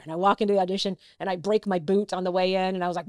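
A middle-aged actress, a guest in a casual interview, telling personal stories and acting out what others said. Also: female voice, medium pitch, fast, dry recording, clean studio sound. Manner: animated, acts out quoted dialogue.

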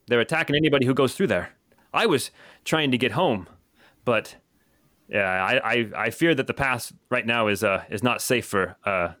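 Tabletop role-play figure: man voicing a fiftyish trader, wary and polite, put-on accent, pitched slightly up. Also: fairly bright tone, no echo, studio quality, natural voice. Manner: a vague, shifting put-on accent. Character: fiftyish male lantern-carrying trader, wary but friendly.

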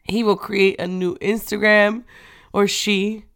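A young woman hosting a faith-based talk show, speaking off the cuff in a candid, chatty way, laughing often and moving between quiet and loud. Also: mid-range voice, flat delivery, slow, smooth, no room sound, studio quality. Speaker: faith-based podcast host. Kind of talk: unscripted casual girl talk. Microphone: audio only, not on camera.

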